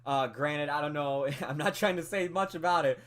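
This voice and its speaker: A man's voice: a little high, moderate pace. Chatty man reviewing a film. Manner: animated, chatty, many fillers, laughs often. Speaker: movie podcast co-host. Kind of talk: casual film review chat.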